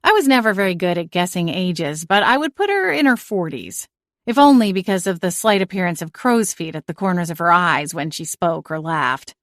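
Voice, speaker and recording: A woman's voice: lowish voice, no room sound. Woman narrating in a dry studio sound. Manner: even, measured storytelling. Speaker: audiobook narrator. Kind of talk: scripted first-person audiobook narration.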